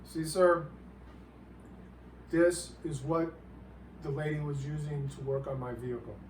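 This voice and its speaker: High-ish guy rambling thru a comedy monologue, keeps saying sir, kinda far from the mic in an echoey room. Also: steady tone, darkish tone, slight background noise. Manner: rambling, halting, keeps politely calling the listener sir. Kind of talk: comedic monologue to an unseen listener. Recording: roomy, distant mic, faint background ambience.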